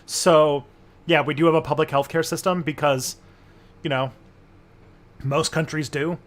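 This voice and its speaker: A man's voice: fairly high pitch, fairly even intonation, measured pace, fairly bright tone. A Canadian man co-hosting a casual political chat, rambling and restarting as he thinks aloud. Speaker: co-host.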